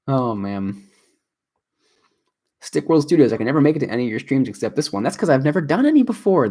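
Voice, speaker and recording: A man livestreams from his home apartment, chatting casually and rambling while he builds and reads viewer comments aloud. He's a video creator with a medium-pitched, slightly mellow voice.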